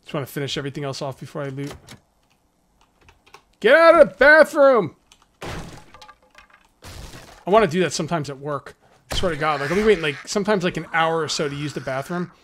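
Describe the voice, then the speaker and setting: A man's voice: on the high side, racing, a little hiss or hum. A man hosting a let's play, giving casual gameplay commentary and taunting enemies as he goes. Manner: excitable, jokey, taunts enemies.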